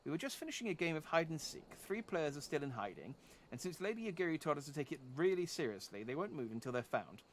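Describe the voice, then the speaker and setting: Game read-aloud: man playing a chatty young boy, a bit higher than his own voice. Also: sing-song, quick pace, a little hiss or hum. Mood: eager.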